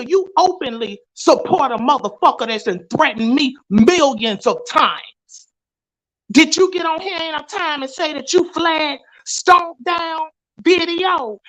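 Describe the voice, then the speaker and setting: A woman's voice: high voice, fairly bright tone, poor audio. A woman vlogger in a heated, profane, confrontational rant, talking straight at her viewers.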